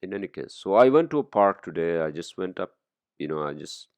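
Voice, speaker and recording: A man's voice: deep voice, expressive, brisk, darkish tone, no echo. A man hosting a podcast, talking in a rambling, profane, casual monologue full of fillers. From immigrant to the US. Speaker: podcast host.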